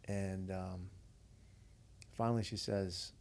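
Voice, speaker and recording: A man's voice: low-pitched, flat delivery, normal speed, creaky, darkish tone. A man who is a veteran and podcast guest, earnestly telling a story in a casual, conversational way. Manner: earnest, conversational, retells dialogue.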